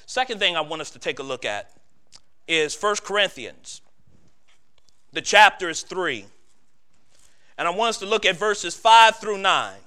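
A male preacher with a very high, bright and crisp voice delivers a sermon. He builds through repeated phrases, slowing and swelling in volume at each climax. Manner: builds with repetition, slowing and getting louder at climaxes.

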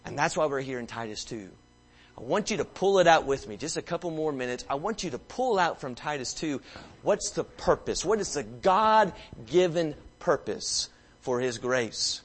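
A man preaching a sermon, telling stories dramatically and swinging between hushed passages and loud ones. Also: fairly high pitch, lively intonation, moderate pace. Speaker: pastor.

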